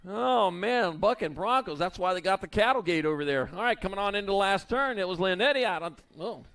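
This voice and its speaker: A man announcing BMX races live at an outdoor track, calling the riders with playful nicknames in a quick, folksy manner. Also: high voice, lively intonation, creaky, a bit bright. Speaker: race announcer. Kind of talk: live race commentary.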